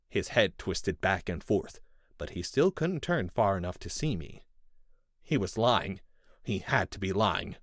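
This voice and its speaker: A man reading a first-person story in measured, intense scripted narration. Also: dry recording, studio quality. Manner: measured and intense, with lively pitch. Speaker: audiobook narrator.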